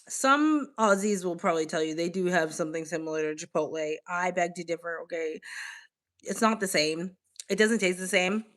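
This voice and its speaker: A young woman from the United States hosting a casual livestream, chatting with viewers in an animated way full of "like" fillers. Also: lowish voice, moderate pace, long pauses. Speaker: livestream host. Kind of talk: casual livestream chat, reacting to viewer comments.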